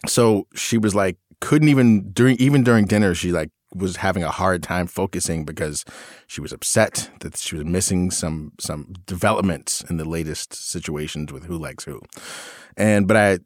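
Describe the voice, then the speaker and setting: A middle-aged man with a low voice tells a story on his podcast in a loose, self-mocking way, often laughing at himself. The sound is dry and close. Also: moderate pace, no room sound. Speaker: podcast co-host. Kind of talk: casual storytelling chat.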